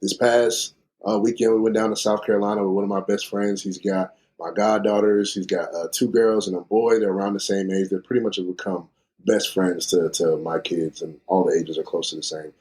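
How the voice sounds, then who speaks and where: A man's voice: low-pitched, steady tone, a little fast, darkish tone. A man hosting a podcast, talking reflectively and thinking aloud in casual conversation. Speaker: podcast host.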